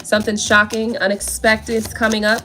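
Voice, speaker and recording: A woman's voice: fairly high pitch, little pitch movement, a little fast, sharp tone, faint music behind. A woman giving a casual tarot reading, sassy and playful, full of slang and asides. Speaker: tarot reader.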